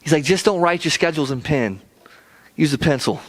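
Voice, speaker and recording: A man's voice: on the high side, brisk. A man preaching a sermon in a conversational way, often stumbling over and repeating words. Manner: conversational preaching with frequent stammered restarts. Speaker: pastor.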